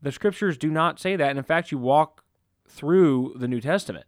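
A man's voice: a little high, normal speed, dry recording, clean studio sound. A man preaching an informal sermon, talking conversationally, acting out little scenes and repeating himself as he goes. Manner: conversational, animated, acts out quotes, frequent restarts.

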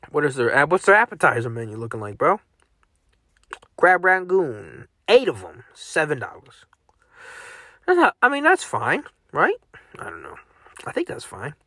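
A man's voice: fairly high pitch, bright, forceful tone, no echo, clean studio sound. A man hosting a casual solo podcast, joking and swearing as he reacts aloud to what he browses online. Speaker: podcast host.

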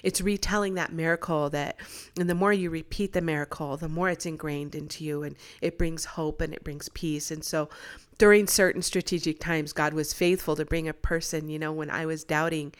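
A woman's voice: deep voice, normal speed, hardly any pauses, smooth. A middle-aged woman casually telling a personal faith story, acting out what others said. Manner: animated, acts out quoted voices. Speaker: guest sharing a testimony.

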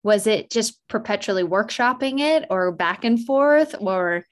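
A woman's voice: medium pitch, expressive, measured pace. A woman hosting a podcast interview, asking questions and reacting with enthusiasm. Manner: enthusiastic, encouraging listener. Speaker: podcast host. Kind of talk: casual interview chat.

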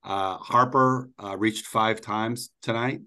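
A man co-hosting a podcast, giving a relaxed, matter-of-fact rundown. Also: on the low side, slow pace, clear, resonant tone. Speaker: podcast co-host. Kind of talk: casual baseball chat.

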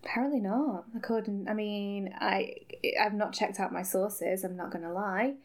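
A woman's voice: mid-range voice, steady tone, normal speed. Woman cohost, laughs a lot, ironic jokes, chatty. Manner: giggly, playfully ironic. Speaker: podcast co-host. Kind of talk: casual chat.

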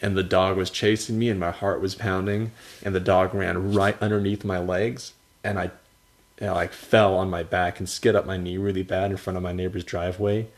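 A young podcast co-host tells stories in casual chat, animated and laughing often. His voice is low and moves at normal speed.

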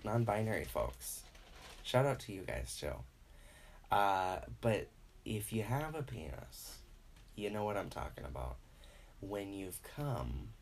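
A man doing a casual comedic monologue as a podcast host. He rambles, swears freely, acts out other people's voices, and grows loud and animated when he gets worked up. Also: fairly low pitch.

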